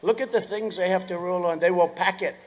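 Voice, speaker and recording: A man in his seventies giving a rally speech, rambling through sarcastic asides, repeating phrases and breaking into shouts. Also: high voice, fairly even intonation, fast, a little hiss or hum. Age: 70s. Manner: bursts into shouting. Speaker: politician addressing a rally.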